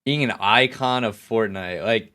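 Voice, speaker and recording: Young man with a smooth, easygoing voice. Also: lowish voice, a little slow, pushed and bright. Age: young adult. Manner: casual, filler-heavy and modest. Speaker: guest, pro gamer. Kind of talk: casual podcast interview.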